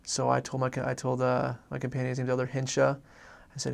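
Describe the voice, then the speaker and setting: A man recounting a faith story from his missionary days, earnest and halting, often restarting his sentences. His voice is gravelly with a flat, level pitch. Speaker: former missionary. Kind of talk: personal faith testimony story.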